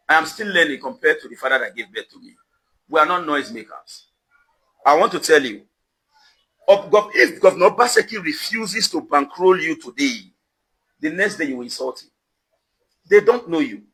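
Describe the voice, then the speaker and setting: Nigerian man, confrontational vlog rant, high lively pitch, bright sharp voice, repeats questions. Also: low-quality recording. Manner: emphatic, accusatory, repeats questions for effect. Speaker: social media commentator. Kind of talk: confrontational direct-to-camera rant. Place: outdoors at his house compound.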